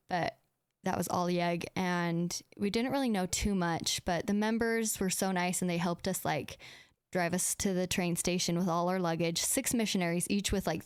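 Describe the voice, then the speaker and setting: Young woman chatting on her podcast, smooth clear voice, dry close mic, lots of "like". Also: lowish voice, no room sound. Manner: chatty, full of "like" and quoted dialogue. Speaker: podcast host. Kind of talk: casual storytelling chat.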